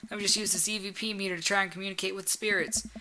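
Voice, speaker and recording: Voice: medium pitch, fairly even intonation, rapid-fire, sharp tone, slight background noise, voice pushed up. A reader voicing a panicky ghost-hunting trucker with a put-on Southern US accent, over music. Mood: panicked.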